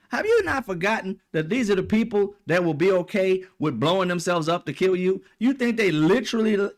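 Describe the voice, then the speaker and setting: Fired up guy cussing through a political rant, pretty high voice. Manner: profane, heated, mocking. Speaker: political commentator. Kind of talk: ranting monologue.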